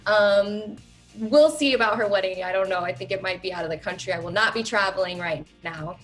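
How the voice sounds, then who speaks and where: A woman in her thirties speaks candidly in an interview, her voice sitting at an ordinary middle pitch. She leans hard on key words and fills her pauses with "um," and she is close to tears at times. Faint music plays softly underneath. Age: 30s. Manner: candid, emphatic, many "um" fillers. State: emotional, near tears. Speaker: reality show contestant. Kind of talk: interview answers.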